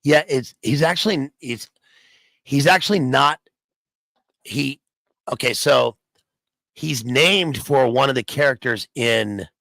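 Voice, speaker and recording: Man, gravelly, dry close sound, rambling casual chat, guest on a stream. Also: mid-range voice, takes it slowly, pauses often, fairly bright tone, dry recording, rough recording. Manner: rambling, restarts often, muses aloud.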